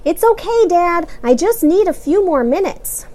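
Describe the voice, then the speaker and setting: A woman's voice: very high-pitched, lively intonation, a little slow, dark tone, pitched above the performer's own voice. A woman voicing a nervous, tearful young boy in a storybook reading.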